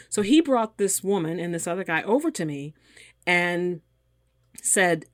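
Lively low-voiced woman telling a story. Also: unhurried, no echo. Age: 50s. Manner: animated storyteller, acts out quoted voices. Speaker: guest, engineer. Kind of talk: storytelling in a conversation.

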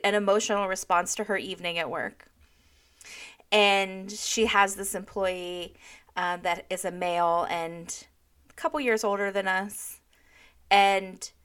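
A young adult woman co-hosting a podcast, telling a story in a casual, profane, animated way and acting out the dialogue. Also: medium pitch. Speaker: podcast co-host. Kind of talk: casual chat.

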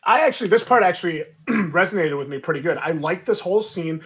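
A man co-hosts a casual book podcast in a relaxed, thinking-out-loud way. His voice is a bit husky and fairly high for a man, with a lively swing in pitch. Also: fast. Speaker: podcast co-host.

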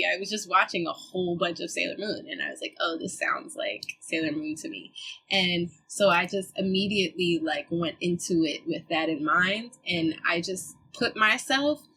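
A young woman with a bright, forward voice and a husky edge to it. She talks in a relaxed, slangy way, full of fillers, and laughs easily as she chats about her music. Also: on the low side, poor audio. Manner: laid-back, slangy, laughs often. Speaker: musician guest. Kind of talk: casual chat.

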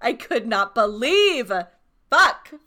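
Young woman ranting, higher voice. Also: lively intonation, unhurried, a bit bright. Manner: heated, profane ranting with frequent laughs. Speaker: podcast co-host. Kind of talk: casual chat.

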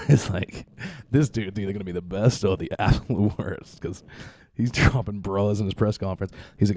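A man's voice: low-pitched, fairly quick, warm tone, dry recording. A man in his thirties hosting a casual podcast, rambling loosely with lots of profanity and laughter. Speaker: podcast host.

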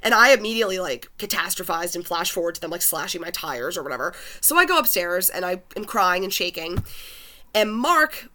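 A woman telling a personal story in casual chat. She talks in an animated way and leans on lots of "like" fillers. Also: on the low side, fairly quick, slight background noise.

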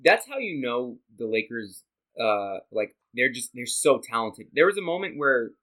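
An eager young man in a loose sports podcast conversation, his voice at a plain middle pitch. He fires off questions and excited asides, clearly enjoying the game talk. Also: moderate pace. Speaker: podcast co-host. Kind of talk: casual sports podcast chat.

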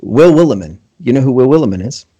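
A man's voice: medium pitch, lively intonation, quick pace, mellow, slightly rough, dull audio. A man hosting a podcast in casual chat, enthusiastic and laughing often, acting out his own thoughts as quotes. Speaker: podcast host.

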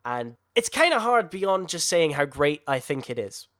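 A man co-hosting a casual podcast chat, animated and quick to swear and laugh. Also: a little high. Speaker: podcast co-host.

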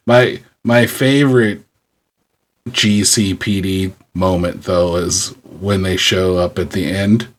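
A man co-hosting a podcast, joking in a relaxed way with lots of "like" and "I mean". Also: deep voice, takes it slowly. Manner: relaxed, filler-heavy joking. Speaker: podcast co-host. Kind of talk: casual chat.

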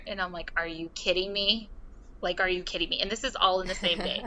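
A woman's voice: medium pitch, fairly quick. A young woman, a podcast guest, telling a story casually and acting out the voices of the people she quotes. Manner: animated, acts out quoted voices. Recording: slightly dull sound with faint noise.

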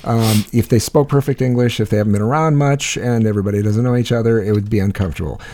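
A middle-aged man chatting casually on a podcast, blunt and profane, pausing often with "uh". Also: fairly low pitch, steady tone, mellow. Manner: blunt, profane, hesitant with many uh's. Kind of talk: casual chat.

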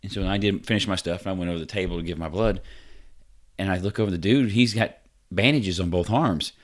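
A man's voice: low-pitched, fast talker. A man co-hosting a podcast, telling a story in a rambling, casual way with slang, cursing and laughter. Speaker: podcast co-host.

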